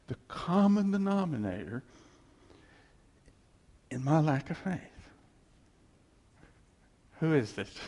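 Animated preacher in a reverberant hall. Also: male voice, fairly high pitch. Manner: animated, conversational preaching with sudden loud and soft turns. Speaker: pastor. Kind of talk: sermon.

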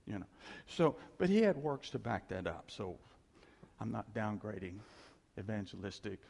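A man's voice: lowish voice, sing-song, moderate pace, vocal fry, darkish tone, in a large hall. A man preaching a sermon in a conversational way, laughing now and then and hammering points with repetition. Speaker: pastor.

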